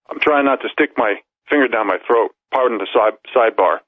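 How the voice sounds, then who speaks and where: A man's voice: mid-range voice, moderate pace, no room sound. A man giving emphatic talk radio news commentary, reading articles aloud and stacking up long lists of points. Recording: tinny phone-line audio, dry.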